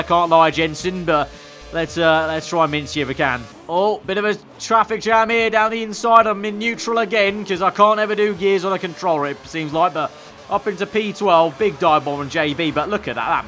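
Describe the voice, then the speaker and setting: A chatty man commentating over his racing game, wry and quick with sarcastic jabs. His voice sits a touch above the usual male range, with faint music playing behind him. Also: on the high side, pushed and bright. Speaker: gaming video creator.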